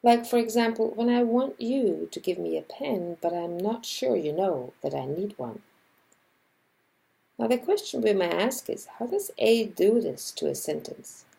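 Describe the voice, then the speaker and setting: A woman lecturer giving scripted narration about linguistics, measured and explanatory, acting out example sentences as she goes. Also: medium pitch, lively intonation, gravelly, mellow, low-quality recording.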